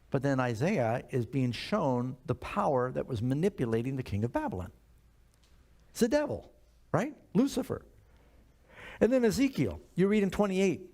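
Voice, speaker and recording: A man's voice: medium pitch, darkish tone. An older man preaching a sermon in a conversational way, asking the congregation questions as he reads scripture. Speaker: pastor.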